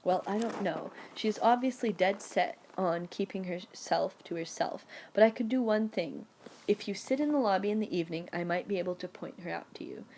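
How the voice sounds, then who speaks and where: A woman voicing a knowing male hotel doorman who talks in a hushed, confiding way. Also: medium pitch, fairly quick, a little hiss or hum, close to an everyday voice.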